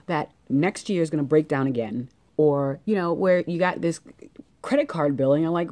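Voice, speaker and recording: A woman's voice: low-pitched, normal speed, mellow. A young woman vlogging her outfits in casual chat, annoyed and ranting, with many fillers and restarts.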